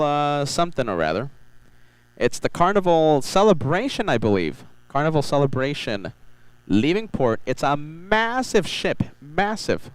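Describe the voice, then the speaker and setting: A man's voice: fairly high pitch, clean tone, no echo, rough recording. An upbeat man hosts a live stream outdoors at a beach, chatting and repeating his phrases. His voice sits close and dry on the mic. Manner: upbeat, repeats phrases, reads chat aloud. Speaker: livestream host. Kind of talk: live spotting stream commentary.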